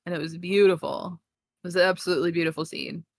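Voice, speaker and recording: An excitable woman retells film scenes on a casual review podcast, jumping high to act out the characters and cursing freely. The recording is dry and close. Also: fast, dry recording. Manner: excitable, acts out characters with big pitch jumps, swears freely. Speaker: podcast co-host. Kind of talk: casual movie review chat.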